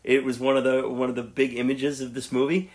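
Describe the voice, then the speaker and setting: A man hosting a relaxed podcast talk with a middle pitch. He moves the conversation along in an upbeat way and hands the floor to his co-hosts. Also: fairly quick. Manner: upbeat, leads segments. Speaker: podcast host. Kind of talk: casual chat, steering the discussion.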